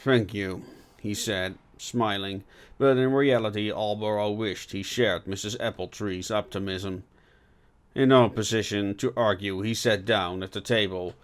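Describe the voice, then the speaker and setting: A man narrating a fiction audiobook with dramatic swings from loud to hushed. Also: on the low side, fairly even intonation, measured pace. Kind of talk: audiobook narration with character voices.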